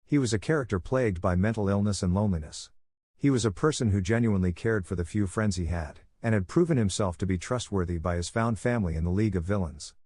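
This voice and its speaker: A man narrating a scripted fan-fiction story in a steady, even storytelling manner. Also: on the low side, quick pace, husky, no room sound, clean studio sound.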